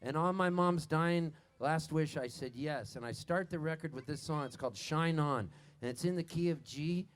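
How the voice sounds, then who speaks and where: A man's voice: fairly high pitch, normal speed. A man from Canada, a singer-songwriter, chatting and telling a rambling joke to a live festival crowd, laughing at his own punchlines. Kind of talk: on-stage banter and storytelling. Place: outdoor festival stage. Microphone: stage vocal mic on the soundboard. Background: a band softly playing.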